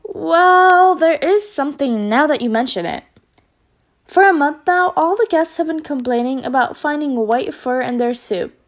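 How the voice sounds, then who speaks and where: Woman doing a loud, eager mouse cook. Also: sits high, animated, normal speed. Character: excitable male mouse cook.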